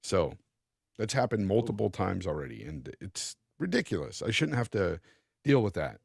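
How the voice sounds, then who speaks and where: A man's voice: low voice, big pitch swings, normal speed, creaky, darkish tone, husky, dry recording, studio quality. A man co-hosting a casual gaming podcast, rambling and repeating himself, with a casual swear now and then. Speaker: podcast co-host.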